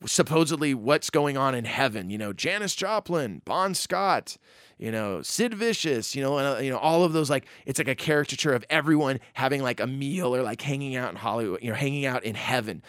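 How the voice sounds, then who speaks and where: A man telling a personal story in a casual, animated way, acting out quotes and using lots of fillers. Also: medium pitch, fairly quick, dry recording, studio quality.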